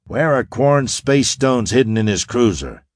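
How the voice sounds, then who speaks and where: A man's voice: mid-range voice, expressive, a little slow, no echo, clean studio sound, close to an everyday voice. A man voicing a confident young space hero in an audiobook, wry, clipped and commanding. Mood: cool.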